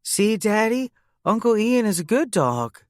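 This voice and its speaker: A man voicing an excited little girl with a sing-song drawl. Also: sits high, a little slow, dry recording, clean studio sound, pitched above the performer's own voice. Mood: chirpy.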